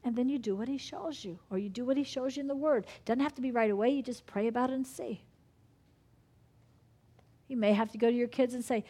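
A woman's voice: fairly high pitch, fairly quick, warm tone. A woman preaching a sermon with fervor, acting out prayers and inner dialogue as she goes.

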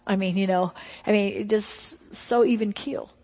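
A middle-aged woman preaching a testimony sermon. She tells her story emphatically, sometimes dropping to hushed tones. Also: mid-range voice, fairly even intonation, normal speed. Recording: long hall reverb.

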